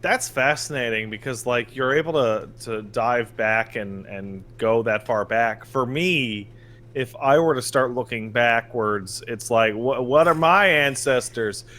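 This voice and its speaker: A man's voice: mid-range voice, measured pace, bright, forceful tone. A man co-hosting a podcast, chatting casually and making dry, sarcastic remarks. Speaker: podcast co-host. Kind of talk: casual chat.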